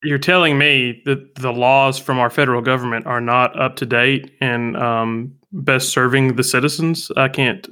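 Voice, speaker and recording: A man's voice: mid-range voice, fairly even intonation, moderate pace, hardly any pauses, sharp tone, clean tone. A man hosting a podcast in casual chat, with wry, playful banter. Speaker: podcast host.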